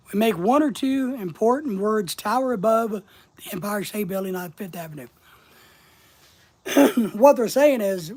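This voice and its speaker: A man's voice: sits high, darkish tone. A man hosting a live stream, reading a book aloud and commenting on it, stressing key words in a reflective, emphatic way.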